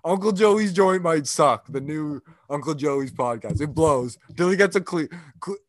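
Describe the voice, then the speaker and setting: A man's voice: a little high, animated, moderate pace, no room sound, studio quality. A man co-hosting a casual comedy podcast, joking crudely with lots of filler words and laughter. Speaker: podcast co-host.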